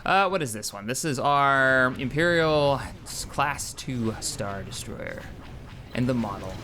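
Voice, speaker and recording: A man hosting casual gameplay commentary, excitable and rambling, often correcting himself mid-sentence. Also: medium pitch, unhurried, noisy background. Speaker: gaming channel host.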